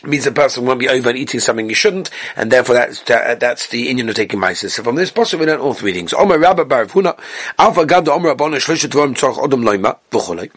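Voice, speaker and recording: A man's voice: mid-range voice, animated, rapid-fire, a bit bright, slightly rough. A man teaching a daily Talmud class, explaining the text with frequent restarts.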